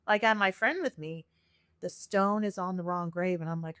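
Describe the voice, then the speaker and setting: A woman's voice: on the low side, a little fast, no echo. A woman guest on a podcast telling her personal story with feeling, acting out the voices she quotes. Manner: earnest, animated, acts out quoted voices.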